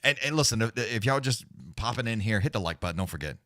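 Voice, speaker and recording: Low-voiced man calling fights on a livestream. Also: lively intonation, pushed and bright, no room sound, studio quality. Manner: rambling, profane, laid-back, with many restarts; fast play-by-play calling during fights. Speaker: livestream host giving fight commentary. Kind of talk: casual live-stream commentary.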